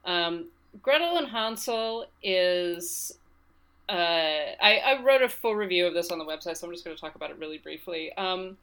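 A woman's voice: fairly low pitch, animated, moderate pace, a bit bright. A woman hosting a casual film chat, reviewing a horror film thoughtfully, with frequent fillers. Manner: thoughtful, hesitant with many fillers. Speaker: film podcast host.

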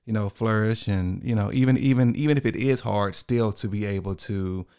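Gravelly low-voiced man, casual co-host. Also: normal speed, warm tone. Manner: loose, thinking aloud with many fillers and restarts. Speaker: podcast co-host. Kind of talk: casual conversation on marriage.

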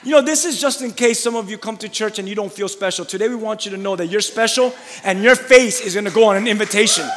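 High-voiced pastor in a reverberant church hall. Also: male voice, fast talker, few pauses, a little hiss or hum. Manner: repetitive stammering restarts, then shouting and laughing. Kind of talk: church announcements building to a shouted sermon-style hype.

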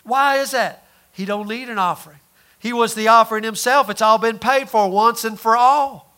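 A man preaching a sermon in a folksy way, full of rhetorical questions and repeated words, rising loud and dropping soft. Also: very high-pitched, moderate pace.

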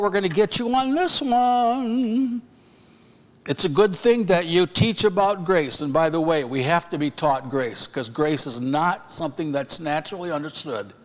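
A male pastor preaching from the pulpit in a high, animated voice that climbs as he gets excited. He raises his voice and pounds the pulpit. The church hall carries a long reverb behind him. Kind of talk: sermon. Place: church sanctuary.

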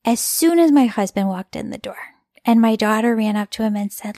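A woman's voice: fairly high pitch, animated, fairly quick, mellow, no echo, studio quality. A woman telling an emotional personal story as a mother in an earnest, heartfelt, confessional way.

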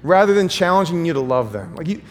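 A man's voice: on the high side, big pitch swings, quick pace, a little hiss or hum. A man preaching a sermon and reading scripture in a conversational way, often checking in with listeners through rhetorical questions. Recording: long reverb of a large hall.

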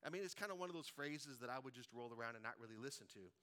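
A man's voice: mid-range voice, animated, rapid-fire, sharp tone, smooth. A middle-aged man preaching a sermon, telling stories and tossing in rhetorical "right?" asides. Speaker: pastor.

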